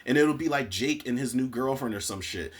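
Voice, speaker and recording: Husky-voiced man recapping a show. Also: medium pitch, brisk. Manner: animated, profane, acts out characters' lines. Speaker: TV recap podcaster. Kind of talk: casual spoiler recap.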